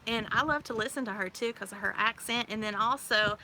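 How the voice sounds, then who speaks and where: Bright, high-voiced bubbly woman in her forties. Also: a little fast. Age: 40s. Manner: bubbly, chatty, laughs often. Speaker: livestream host. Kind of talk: casual live-stream chat. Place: outdoors by a pool on a windy day. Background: wind gusts.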